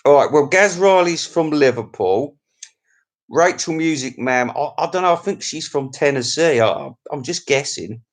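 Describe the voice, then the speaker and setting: A man's voice: fairly high pitch, animated, moderate pace. A man hosting a casual live stream, reading viewer comments and chatting in a cheeky, rambling, crude way with frequent laughs. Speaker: YouTube live-stream host.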